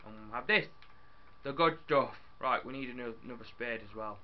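Excitable young man, lo-fi mic. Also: mid-range voice, a little fast. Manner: chatty, excitable, talks to the viewers and to his in-game dog. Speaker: gaming YouTuber. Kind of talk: casual game commentary.

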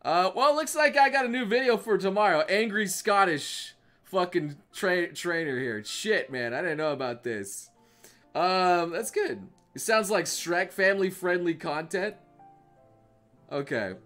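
A young man chatting casually on a live stream, reading memes aloud, excitable and profane. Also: high-pitched, unhurried, soft background music. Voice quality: excitable, profane, laughs often.

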